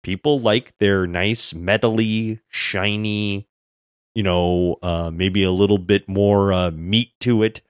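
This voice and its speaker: A man's voice: fairly low pitch, steady tone, slow, no echo, clean studio sound. A man hosting a casual tech podcast, rambling through thoughts with lots of fillers and frequent chuckles.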